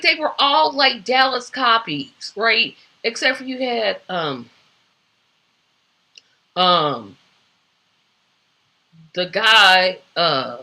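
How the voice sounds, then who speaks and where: A woman's voice: mid-range voice, sharp tone. A woman hosting a casual solo talk show, opinionated and rambling with many fillers. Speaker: host.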